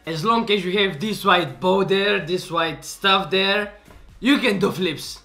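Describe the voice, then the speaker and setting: A man, hosting and commenting on clips in a reaction video, excitable and quick to exclaim and laugh. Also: high-pitched, creaky, faint music behind. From Bulgaria. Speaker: host.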